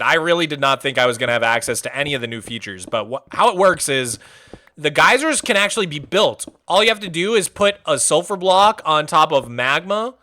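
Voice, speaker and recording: Chatty guy streaming, hyped and rambly, lively pitch, bright voice. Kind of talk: casual livestream chat.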